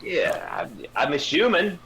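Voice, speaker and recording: A man's voice: high voice, expressive, measured pace, sharp tone. A man playing his character in a tabletop game, talking in a wry, teasing way. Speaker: player. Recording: dull lo-fi sound.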